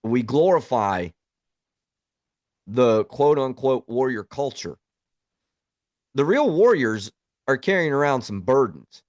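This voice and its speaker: A man speaks in a blunt, plainspoken way, reflecting like a veteran hosting his own podcast. His voice sits at an ordinary middle pitch. The sound is dry and close, with no room echo. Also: big pitch swings, takes it slowly, pauses often, a little mellow, muffled recording. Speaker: podcast host, Army veteran. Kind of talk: reflective monologue.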